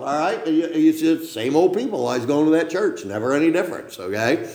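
An older man preaching a sermon, rambling and emphatic, often tagging lines with a quick "okay?". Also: a little high, expressive, a little mellow, reverberant. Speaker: pastor. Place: church sanctuary.

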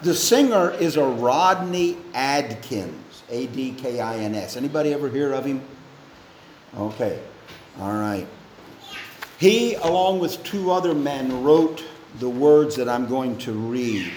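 A man preaching a sermon to his congregation in a church, earnest and measured, with pauses between phrases. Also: medium pitch, animated, darkish tone, slight background noise. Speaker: pastor. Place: church sanctuary. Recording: echoey church room, faint ambience.

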